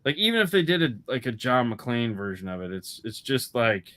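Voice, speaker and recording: A man's voice: medium pitch, very animated, fairly quick, sharp tone. A man talking movies as co-host of a casual chat show. He rambles, swears freely and keeps restarting his sentences. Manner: rambling, profane, lots of restarts. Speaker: podcast co-host.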